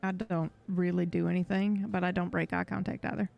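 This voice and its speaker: A woman playing a tabletop game, talking in a playful, animated way. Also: lowish voice, a little fast, vocal fry, highs cut off, faint music behind. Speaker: player.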